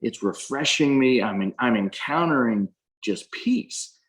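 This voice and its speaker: A man's voice: medium pitch, lively intonation, measured pace, poor audio. A man on a video call, earnestly recounting a spiritual experience in a casual way, often restarting his sentences. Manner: earnest storyteller with frequent restarts.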